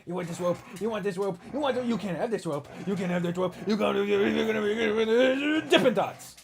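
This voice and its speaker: A woman's voice: medium pitch, brisk, gravelly, voice pushed up, natural voice. A woman putting on a playful, sing-song teasing voice to tempt her pet with a rope toy.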